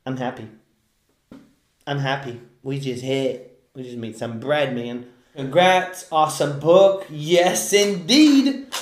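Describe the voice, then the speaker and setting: A man live-streaming scratch-off tickets, talking excitedly to his chat and yelling at big wins. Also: mid-range voice, slow pace. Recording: echoey room.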